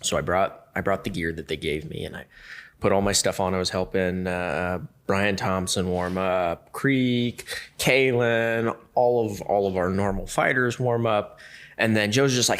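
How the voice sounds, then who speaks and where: A man telling a story as a podcast guest, lively and acting out the other people in it. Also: sits low, a little slow. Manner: lively, acts out the other people in his stories. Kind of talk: casual storytelling.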